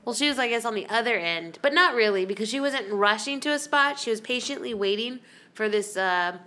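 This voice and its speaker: A woman's voice: fairly high pitch, animated, brisk. A woman co-hosting a casual podcast chat, telling rambling stories and acting out quotes. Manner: rambling storyteller, acts out shouted quotes. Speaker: podcast co-host.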